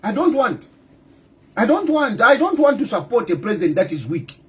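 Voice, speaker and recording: Middle-aged Zambian male politician, very high and swooping voice, hammers rhetorical questions, bursts into shouts. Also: very animated, normal speed. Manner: breaks into loud outbursts. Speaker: opposition party leader. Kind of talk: impassioned political monologue.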